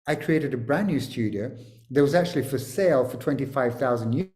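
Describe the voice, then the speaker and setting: Brief: male facilitator on a video call, lively teasing delivery, roomy echo. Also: mid-range voice, brisk. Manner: animated, swearing, joking and teasing. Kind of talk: energetic coaching talk on a video call.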